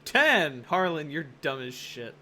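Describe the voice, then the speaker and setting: A man's voice: on the high side, very animated, measured pace, a crowd in the background. A man running a tabletop game as game master, talking casually with lots of filler and frequent swearing.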